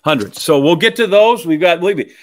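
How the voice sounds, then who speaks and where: A man with a slightly high voice co-hosting a relaxed chat. He jokes easily and answers with quick, short replies. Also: no echo. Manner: easygoing, joking, quick back-channel replies. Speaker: co-host. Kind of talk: casual chat.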